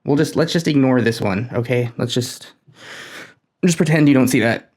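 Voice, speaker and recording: A man at a middle pitch talks casually while testing electronics on his bench. He mutters to himself, nervous and easily excited. His tone stays chatty and hands-on. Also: normal speed. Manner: nervous, excitable, self-talking while working. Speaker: tech hobbyist host. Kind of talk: casual hands-on build vlog.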